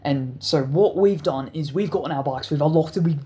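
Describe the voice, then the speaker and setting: A man's voice: a little high, moderate pace. A man telling a wild story in a storytime vlog, stuttering often and cursing freely. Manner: stuttering, profane, animated storytelling. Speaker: channel host.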